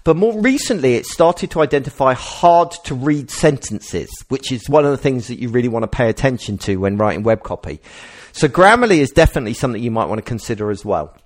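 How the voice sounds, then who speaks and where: A man's voice: mid-range voice, brisk, hardly any pauses. A man hosting a casual podcast chat, rambling and correcting himself as he goes. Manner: rambling, self-correcting, lively delivery. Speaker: podcast host.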